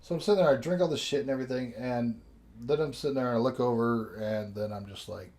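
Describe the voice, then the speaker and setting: A man in a casual podcast chat, rambling through a story full of swearing and laughter. His voice sits at a middle pitch. He holds the floor, piling on asides. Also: quick pace, a little mellow. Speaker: podcast host.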